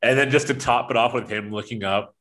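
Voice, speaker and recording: This podcast co-host talks sports casually, rambling with enthusiasm and laughing a lot. His mid-range voice is a little bright and runs slightly fast.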